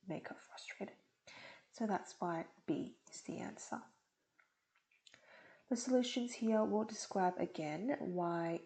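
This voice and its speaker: Patient and methodical, a woman tutor works through exam questions one step at a time. Her mellow, dark voice is on the low side, with a gravelly fry at the ends of phrases, and the recording quality is low.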